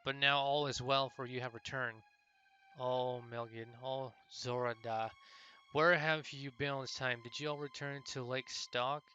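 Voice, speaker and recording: A man's voice: mid-range voice, fairly even intonation, measured pace, bright, forceful tone, dull audio, a little hiss or hum. A man voicing a grieving, confused old knight who rambles and pleads. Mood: rambling.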